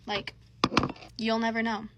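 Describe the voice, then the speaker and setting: A woman's voice: on the high side, completely flat delivery, a little slow, noisy background. A young woman telling a casual story, chatty and gossiping, with "like" in nearly every sentence. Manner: chatty gossiping with constant filler "like".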